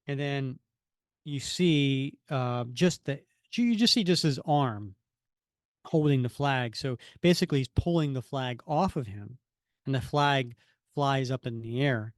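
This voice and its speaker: A man co-hosting a podcast, giving a rambling, animated recap of a comic with lots of fillers. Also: medium pitch, unhurried, dry recording, clean studio sound. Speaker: podcast co-host. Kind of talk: casual comic-book chat.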